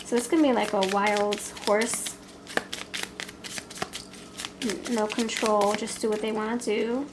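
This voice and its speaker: A woman's voice: mid-range voice, fairly even intonation, takes it slowly, long pauses, noisy background. A woman giving a casual pick-a-card tarot reading, playful and chatty, laughing often as she talks. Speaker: tarot reader.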